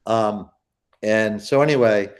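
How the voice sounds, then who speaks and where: A man's voice: on the low side, slow pace. A man, a poster collector, telling a long story in a casual interview, rambling with many restarts and acting out quoted people.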